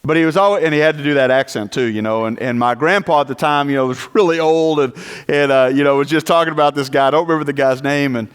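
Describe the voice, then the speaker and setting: A man's voice: a little high, fast talker, clean tone. A man preaching a sermon in a conversational way, with rhetorical questions and asides. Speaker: pastor.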